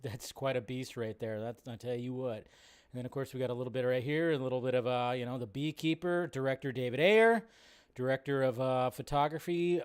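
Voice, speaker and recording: A man hosting a live movie news stream, speaking close to a desk mic in a slightly higher-than-usual voice. He rambles casually and loosely with plenty of fillers. He drifts between chatting with viewers and running through the news. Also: smooth. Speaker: host of a live film news show.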